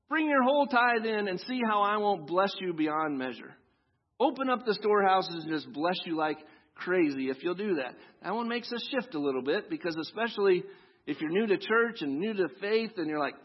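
A man pastor preaching a sermon, talking in a conversational way and asking the congregation with tag questions, and reading scripture slowly. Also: high-pitched, lively intonation, dull audio. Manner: reads scripture slowly and deliberately. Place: church sanctuary.

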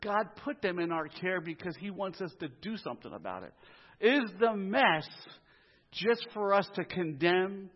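A man's voice: high voice, big pitch swings, normal speed. A man preaching a sermon, with conversational asides and humor. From US inner city. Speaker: pastor. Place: church sanctuary. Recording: muffled live church audio, long reverb.

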